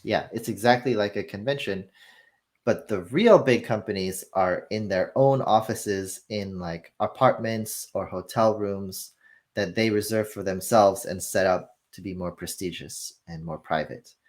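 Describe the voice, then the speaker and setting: Low-voiced man telling lively anecdotes. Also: a little slow. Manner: animated storytelling, acts out dialogue. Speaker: film industry guest. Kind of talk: casual conversational explanation.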